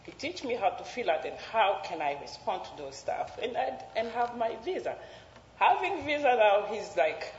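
French-speaking woman telling a lively story. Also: normal speed, a little hiss or hum. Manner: animated, laughing, jumps high when quoting others. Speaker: interviewee. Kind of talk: personal storytelling. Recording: roomy, reverberant, slightly dull recording.

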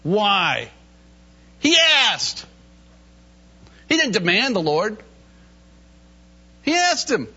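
A man preaching a sermon in an animated way, reading scripture and acting out the voices in it with laughter in between. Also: sits high, extremely slow, pauses often, breathy edge. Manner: animated, acts out Bible voices, laughs often. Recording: dull lo-fi recording.

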